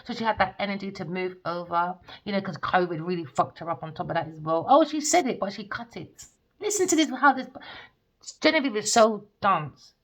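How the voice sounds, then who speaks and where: Gravelly woman ranting, swearing. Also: lowish voice, a little fast, fairly bright tone. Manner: profane, accusing, scornful. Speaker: tarot reader. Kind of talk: ranting monologue. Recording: dull lo-fi recording.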